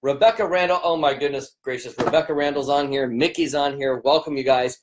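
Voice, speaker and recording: A male business coach chats casually on a livestream, greeting viewers by name in an upbeat, rambling way. His voice is on the high side and a little fast, strained and cracking after a long day of talking, against a noisy background.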